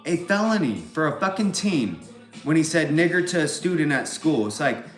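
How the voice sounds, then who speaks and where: A man from California with a Californian accent, talking in a rambling, profane monologue that keeps circling back on filler phrases. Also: fairly high pitch. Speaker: vlogger. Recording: roomy echo.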